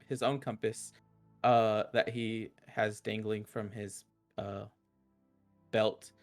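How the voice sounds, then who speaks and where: A man plays a casual tabletop game as a player, hesitantly describing his character's actions with plenty of fillers. His voice is fairly low and level, his pace slow with long pauses, and soft music plays in the background.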